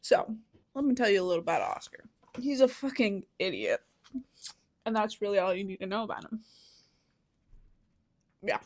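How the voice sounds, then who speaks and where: A woman's voice: a little high, animated, moderate pace, long pauses. A woman co-hosting a casual podcast, sarcastic and blunt, teasing her co-host. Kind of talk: casual chat.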